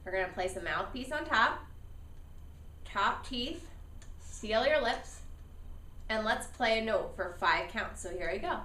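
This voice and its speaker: A woman's voice: on the high side, animated, unhurried, pauses often, pushed and bright, distant mic. A woman teaching a beginner saxophone lesson. She counts, models each step and has students echo after her, with patient, encouraging praise. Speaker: music teacher.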